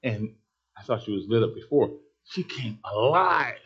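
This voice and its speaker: Husky excitable preacher man. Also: medium pitch, normal speed. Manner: excitable, emphatic storyteller. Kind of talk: sermon storytelling. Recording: dull lo-fi sermon recording.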